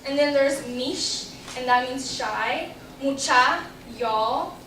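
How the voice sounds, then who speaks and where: A woman's voice: high-pitched, slow, fairly bright tone, slight background noise. Young woman giving a class talk. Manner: chatty, explains with examples, light laughs. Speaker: student giving a class presentation. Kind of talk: informative class speech. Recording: roomy classroom audio from a distant camera.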